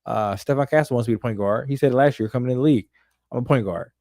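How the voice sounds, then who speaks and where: A man's voice: mid-range voice, fast, a little mellow, dry recording, studio quality. A young man co-hosting a sports podcast, talking emphatically and profanely in casual chat. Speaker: podcast co-host.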